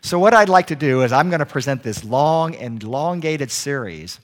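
Animated storytelling male preacher. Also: medium pitch, normal speed. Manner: animated storytelling, acts out little scenes; jokey with the congregation. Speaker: guest preacher. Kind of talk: sermon.

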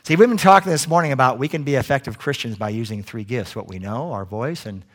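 A man preaching a sermon, telling a story in an animated way. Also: medium pitch, fast talker. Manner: animated storyteller doing voices.

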